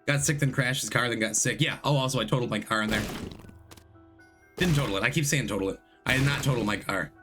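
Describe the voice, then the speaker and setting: A man's voice: medium pitch, fast. A man streaming a video game, chatting loosely with his viewers and correcting himself as he goes, still recovering from a long illness. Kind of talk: casual gameplay commentary. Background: game music.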